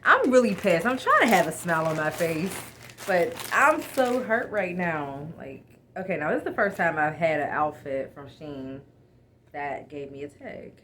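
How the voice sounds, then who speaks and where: A woman vlogger unboxing a clothing haul in casual chat, expressive and exasperated, calling out to viewers as y'all. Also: sits low, moderate pace, slight background noise.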